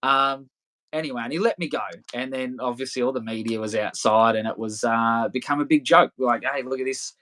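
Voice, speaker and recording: A man in his thirties, talking as a podcast guest at a mid pitch. His stories ramble and restart, laced with swearing and easy laughter. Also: fairly quick, fairly bright tone. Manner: loose, rambling, swears freely, laughs often. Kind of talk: casual storytelling interview.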